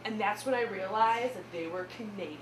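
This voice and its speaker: A young woman with a Midwestern accent doing an animated stand-up set, laughing at her own punchlines. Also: mid-range voice, fairly quick, background noise. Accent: Midwestern American. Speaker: stand-up comedian. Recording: echoey room with mic far off.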